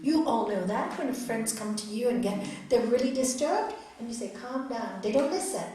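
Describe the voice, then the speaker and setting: A middle-aged woman giving an earnest, expressive spiritual talk as a raja yoga teacher to an audience in a hall. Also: a little high, moderate pace. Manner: earnest, expressive, acts out quotes. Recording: echoey hall, distant mic, faint noise.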